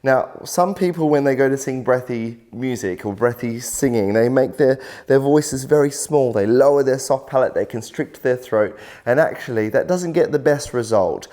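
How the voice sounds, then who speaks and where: A man teaching singing in a video workshop, explaining clearly and encouragingly, step by step. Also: mid-range voice, animated, moderate pace, hardly any pauses, mellow. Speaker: vocal coach.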